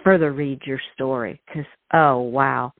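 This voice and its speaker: A woman's voice: very deep voice, steady tone, measured pace, no echo. A woman hosting a podcast interview, effusive and emotional, often restarting her sentences. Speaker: host. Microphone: call. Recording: tinny phone line.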